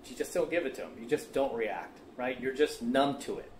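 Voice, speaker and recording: A man's voice: medium pitch, brisk. A man giving blunt, lecturing dating advice in casual commentary, often checking with "right?" and "okay?". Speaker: dating coach reacting to a clip. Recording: echoey room with faint ambient noise.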